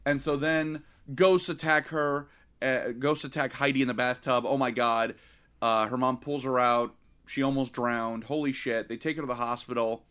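A man's voice: mid-range voice, normal speed, clear, resonant tone. A man co-hosting a casual movie review chat, retelling scenes with swearing and acted-out voices. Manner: animated, profane, acts out scenes in mock voices. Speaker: podcast co-host.

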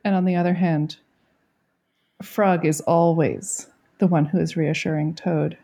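Thoughtful, mellow-voiced woman. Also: sits low, fairly even intonation, measured pace. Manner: thoughtful, hesitant, many fillers. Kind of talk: casual book discussion.

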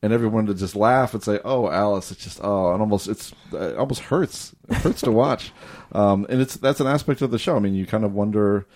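A man's voice: on the low side, fairly quick, a little mellow, no room sound, clean studio sound. A man co-hosting a film podcast, talking casually with frequent restarts and laughs. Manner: hesitant, many restarts and laughs. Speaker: podcast co-host.

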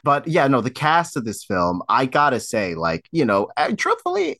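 A man's voice: medium pitch, huge pitch swings, normal speed, pushed and bright, dry recording, studio quality. A man chatting casually as a guest on a podcast, enthusiastic, often laughing and restarting his sentences. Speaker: podcast guest film critic. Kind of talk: casual chat.

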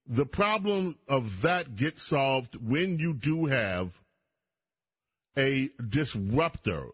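A man's voice: mid-range voice, slightly rough. A man hosting a talk radio show, delivering an emphatic monologue straight to his listeners. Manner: emphatic, addresses listeners directly.

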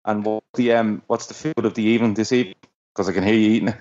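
A man hosts a casual football chat, loose and jokey and swearing now and then. His voice sits on the lower side. The recording sounds muffled and lo-fi. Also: steady tone, very fast, a little mellow, a little hiss or hum. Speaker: podcast host.

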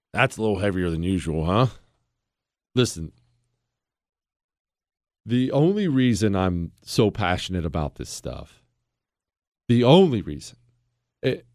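Male radio host, sarcastic and jokey, bouncing pitch, dry close studio sound. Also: no room sound. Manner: sarcastic, jokey, swings from loud mock outrage to low earnest tones. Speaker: radio talk show host. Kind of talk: conservative talk radio monologue. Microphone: studio microphone.

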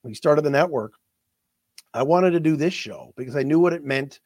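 A man hosting a sports talk show, speaking emotionally and haltingly, repeating words as his voice catches. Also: mid-range voice, mellow, no echo. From not from the area of the team he covers.

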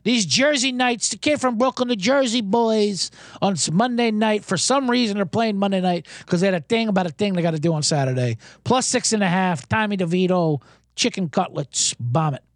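A man's voice: sits high, normal speed, no echo, clean studio sound. A man hosting a sports betting show, rambling casually and poking fun at himself with rhetorical questions. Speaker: host.

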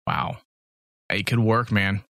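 A man's voice: fairly low pitch, level tone, takes it slowly, pushed and bright, no room sound, clean studio sound. A man co-hosting a podcast in a casual chat, enthusiastic and joking. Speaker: podcast co-host.

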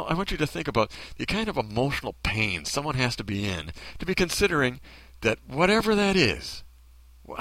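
A man delivers a bitter, ranting monologue packed with sarcastic rhetorical questions. His voice swings widely in pitch with a bright, forceful edge, and the recording is dry and close, with no room sound.

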